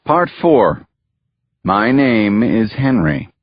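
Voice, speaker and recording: Slow, grave male audiobook narrator. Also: fairly low pitch, big pitch swings, no room sound. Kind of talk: first-person audiobook narration. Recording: dull, muffled dry recording.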